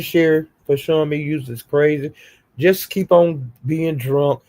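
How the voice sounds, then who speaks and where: A middle-aged woman hosts a livestream with a gravelly, fry-heavy voice. She scolds and curses hard, and every line is emphatic. The sound is close and dry. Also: low voice, warm tone, no echo. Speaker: livestream host. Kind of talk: heated livestream rant.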